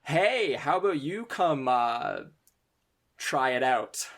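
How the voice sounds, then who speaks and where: Game master voicing a cocky upperclassman: loud, mocking, tabletop game. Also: mid-range voice, expressive, takes it slowly. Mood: goading. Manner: taunting, mocking, hamming it up. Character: tall cocky male upperclassman, goading bully.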